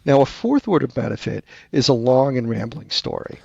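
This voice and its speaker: Gravelly, husky-voiced man explaining. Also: moderate pace, no echo, muffled recording. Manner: animated, teacherly, acts out buyer questions with shifting pitch. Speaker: guest expert on sales value. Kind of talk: explanatory interview talk.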